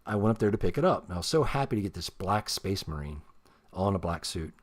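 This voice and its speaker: A man with a lowish voice tells his story in a loose, casual ramble, swearing freely and poking fun at himself. He talks while showing off a figure he painted himself. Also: expressive, fast talker. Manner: rambling, heavy swearing, self-deprecating. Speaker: custom action figure painter.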